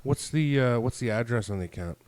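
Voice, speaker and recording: A man's voice: medium pitch, expressive, brisk, a little mellow, no echo. A man on a podcast, telling a story in casual chat, acting out both sides of phone calls and swearing freely. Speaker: podcast co-host.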